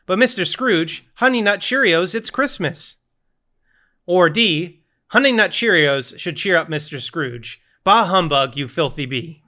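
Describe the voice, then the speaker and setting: A man co-hosts a relaxed podcast, reading out multiple-choice quiz options with a playful touch. His voice is bright and a little higher than most men's, with a forward, lively ring. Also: a little slow. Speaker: podcast co-host running the game segments. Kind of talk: casual game-show podcast chat.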